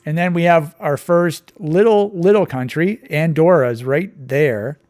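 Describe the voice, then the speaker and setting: A man's voice: a little high, measured pace, a little mellow, no room sound. A man giving casual, digressive commentary while playing a map quiz, thinking aloud as he goes. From Canada. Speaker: quiz channel host.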